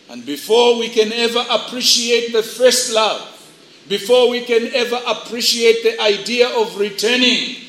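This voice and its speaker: A high-pitched man delivers a sermon to young people at a slow, deliberate pace. He acts out characters as he tells his stories. The sound carries in an echoey hall. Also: sharp tone. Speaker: preacher. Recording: echoey room.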